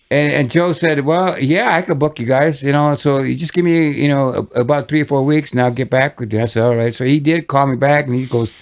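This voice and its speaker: Older man with a gravelly voice. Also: mid-range voice. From Michigan, USA. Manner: rambling anecdotes with many restarts and chuckles. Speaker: guest musician. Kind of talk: casual storytelling interview.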